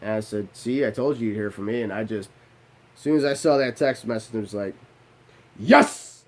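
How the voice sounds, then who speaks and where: Speaking quickly with a voice on the low side, a young man casually shares a personal story. He curses freely and keeps cutting in with animated jokes at his own expense.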